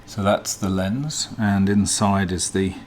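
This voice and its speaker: A man hosting a casual teardown demonstration, talking in a relaxed, hesitant way with frequent ums as he explains. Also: sits low, slow pace, slight background noise. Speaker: vlog host.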